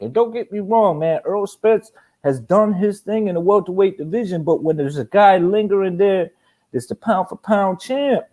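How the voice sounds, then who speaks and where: A man hosting a casual boxing talk show, animated and profane, laughing often as he rants. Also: high-pitched. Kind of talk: casual chat.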